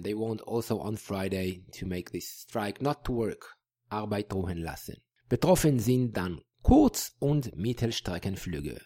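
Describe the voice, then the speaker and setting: A man hosting a podcast language lesson, explaining word by word and repeating each word slowly. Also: fairly low pitch, creaky, darkish tone, husky, no room sound, studio quality. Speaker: language teacher.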